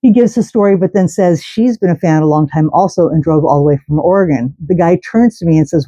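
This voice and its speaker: A woman's voice: fairly low pitch, brisk, hardly any pauses, dark tone, dry recording, low-quality recording. A middle-aged woman hosting a vlog, telling a long story to camera in a chatty, rambling way with restarts. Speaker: host. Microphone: camera mic.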